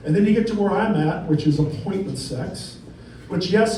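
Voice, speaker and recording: A man's voice: sits high, fairly quick, crowd noise. A middle-aged man doing stand-up comedy in a comedy club, rambling and conversational, often checking in with "right?". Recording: echoey room, distant mic, noisy.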